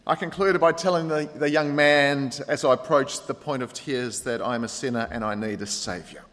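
A man preaching a sermon as pastor, earnest, pressing on points and then dropping quiet. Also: mid-range voice, normal speed. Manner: earnest preaching with rising emphasis and quiet drops. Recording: long hall reverb.

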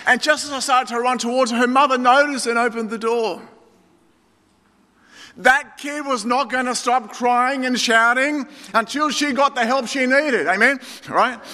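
High, bright-voiced preacher in a reverberant hall. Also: male voice. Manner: emphatic, addresses listeners as friends. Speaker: pastor. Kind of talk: sermon.

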